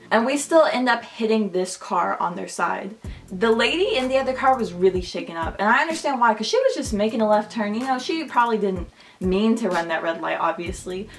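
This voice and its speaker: A woman's voice: medium pitch, fairly bright tone, a little hiss or hum. Chatty young woman vlogger. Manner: chatty, heavy use of "like". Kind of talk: casual storytime.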